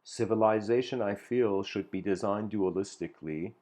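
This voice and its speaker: A man's voice: fairly low pitch, normal speed, mellow. A man giving an informal philosophical lecture, rambling with many fillers and restarts.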